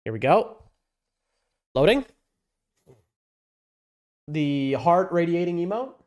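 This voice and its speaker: Male streamer, slightly high voice, very animated, rambling chat over faint game music. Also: slow pace. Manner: rambling, excitable, chatting with viewers. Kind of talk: casual live-stream chat.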